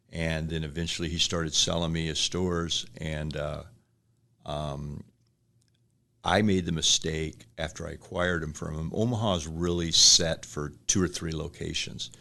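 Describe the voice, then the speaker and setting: Low gravelly businessman. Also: a bit bright. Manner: rambling anecdotes with acted-out quotes and chuckles. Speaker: restaurant franchise owner, guest. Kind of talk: casual storytelling interview.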